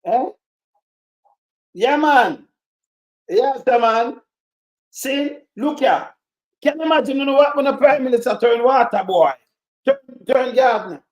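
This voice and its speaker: High-voiced Jamaican man, echoey room. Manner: greets viewers by name, mocking banter in patois. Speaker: live-stream commentator. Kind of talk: casual live-stream chat.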